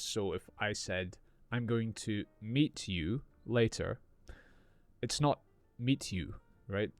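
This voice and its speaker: Slow, clear-speaking male English teacher. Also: fairly low pitch, no echo. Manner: slow, clear, improvised explanations. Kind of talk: unscripted podcast lesson.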